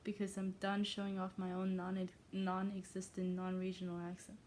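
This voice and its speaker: A woman's voice: medium pitch, flat delivery, moderate pace, few pauses, darkish tone, slight background noise. A young woman who is not a native English speaker, reading aloud casually and breaking off to mock herself. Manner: self-interrupting, self-mocking asides. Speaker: reader.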